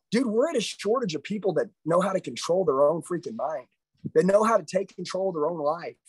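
A man's voice: high voice, husky, no echo, rough recording. A middle-aged man giving a live motivational sales training, intense, confrontational and profane.

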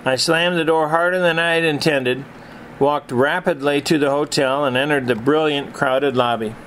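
A man narrating a story in a reflective, measured storytelling manner. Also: fairly high pitch, steady tone, a bit bright, a little hiss or hum, poor audio. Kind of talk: storytelling reading.

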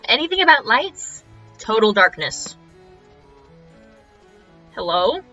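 A woman's voice: a little high, big pitch swings, takes it slowly, bright, forceful tone, soft background music. A woman streaming a game, playful, reacting casually and chanting nonsense syllables. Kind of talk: casual gameplay commentary. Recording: crunchy, dull lo-fi stream audio.

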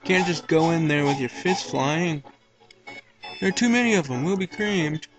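A man squeaking as jittery cloud boy Mallow. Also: moderate pace, over music, lightly acted. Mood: worried. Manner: high, squeaky and panicky. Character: jittery young male cloud creature, easily scared.

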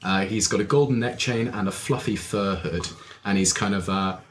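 A man's voice: fairly low pitch, normal speed, a little hiss or hum. A man narrating as game master, describing scenes with many hesitant ums and uhs.

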